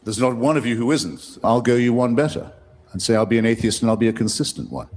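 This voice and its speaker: A man's voice: medium pitch, lively intonation, quick pace, darkish tone. A man speaking eloquently and measuredly in a formal public debate, answering a question. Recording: reverberant debate hall.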